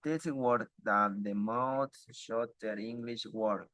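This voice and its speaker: Man reading aloud for an exam; slow, halting delivery, lowish voice, dry close sound. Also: steady tone, fairly bright tone, no room sound, poor audio. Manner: halting, stumbling reading with restarts.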